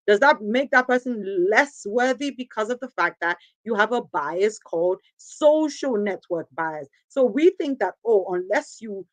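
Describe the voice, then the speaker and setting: A woman's voice: medium pitch, lively intonation, measured pace, few pauses, no echo. A woman from Nigeria hosting a show, giving an earnest, emphatic motivational talk and repeating phrases for stress. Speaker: host.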